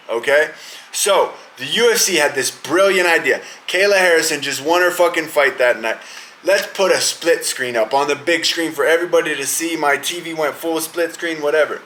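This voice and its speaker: Young guy podcaster going off on a cussing rant, bright punchy voice, faint noise behind. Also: fairly high pitch, low-quality recording. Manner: heated, profane, riled up. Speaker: podcast host. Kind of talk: casual profane sports rant.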